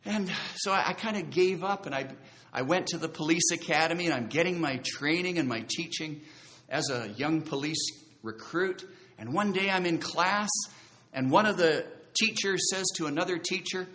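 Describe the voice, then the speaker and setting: Bright-voiced man preaching his testimony. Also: fairly high pitch. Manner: earnest, conversational storytelling with emphatic drawn-out phrases. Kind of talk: sermon testimony storytelling.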